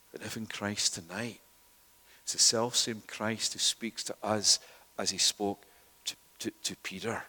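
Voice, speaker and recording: A man preaching a sermon, swinging from loud, urgent outbursts to hushed near-whispers. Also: fairly low pitch, steady tone, a little slow, slightly rough. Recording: long hall reverb.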